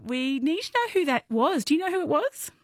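A woman's voice: sits high, big pitch swings, brisk, dry recording. An Australian woman hosting a radio call-in quiz, bubbly and giggly. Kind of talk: casual call-in radio chat.

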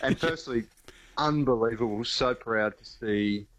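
A man's voice: mid-range voice, normal speed, a bit bright, rough recording. A man speaking as an interview guest, enthusiastic and earnest. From Australia.

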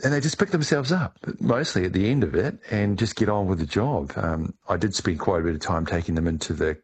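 Deep-voiced man telling his story. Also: brisk, slightly rough. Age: middle-aged. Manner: relaxed storytelling, some restarts. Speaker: guest, ice diver. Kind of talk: interview answers.

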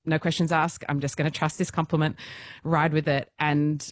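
A woman's voice: deep voice, level tone, normal speed. A woman in her thirties, a musical theatre performer, telling stories as a radio guest in an enthusiastic, self-deprecating way with frequent laughs. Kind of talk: casual radio interview storytelling.

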